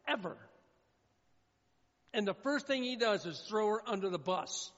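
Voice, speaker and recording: High-voiced man preaching in an echoey hall. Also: lively intonation, moderate pace, long pauses. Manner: emphatic preaching with swings from loud to hushed. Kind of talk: sermon. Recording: echoey hall with dull sound.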